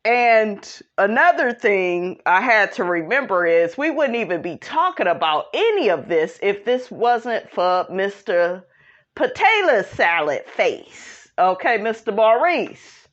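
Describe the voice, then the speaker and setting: A sassy, opinionated young woman talks through a reality show recap in an unhurried, drawn-out way. She keeps calling her listeners "honey." The sound is dull and lo-fi, like a simple home setup. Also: mid-range voice, big pitch swings. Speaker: recap host. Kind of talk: casual TV recap commentary.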